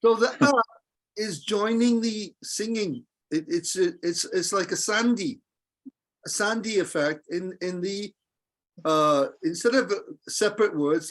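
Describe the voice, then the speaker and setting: A man teaching a casual group lesson, patient and jokey, repeating verses slowly for his students. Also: high-pitched.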